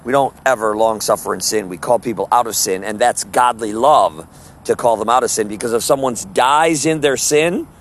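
A man's voice: medium pitch, moderate pace. A man teaching a Bible study in sermon style, emphatic and full of rhetorical questions, stretching out Greek words. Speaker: preacher.

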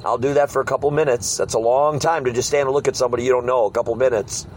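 Animated man telling street-preaching stories. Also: medium pitch, rapid-fire, slight background noise, poor audio. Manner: animated storyteller, mimics hecklers. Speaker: street preacher leading a discussion. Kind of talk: casual group talk with acted-out quotes.

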